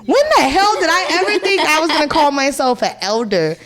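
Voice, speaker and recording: A woman's voice: high voice, big pitch swings, brisk, crowd noise. A Puerto Rican woman in her thirties, co-hosting a podcast, telling a family story in casual, blunt and profane chat. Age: 30s. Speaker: podcast co-host.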